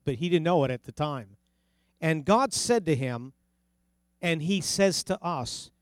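A middle-aged man with a New Jersey accent delivers a sermon in a slightly raised voice. He speaks earnestly, leaning on repeated phrases and personal stories. The sound is dry and close, with no room echo. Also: a little high. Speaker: preacher.

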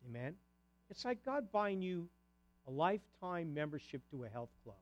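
A man preaching a sermon to his congregation, swinging between loud declarations and soft conversational asides. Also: a little high, big pitch swings, normal speed, highs cut off. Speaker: pastor.

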